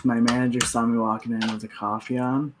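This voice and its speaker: A man co-hosting a livestream and telling a story from his workday in a relaxed, chatty way. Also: mid-range voice, brisk. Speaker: co-host. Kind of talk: casual chat. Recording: noisy audio.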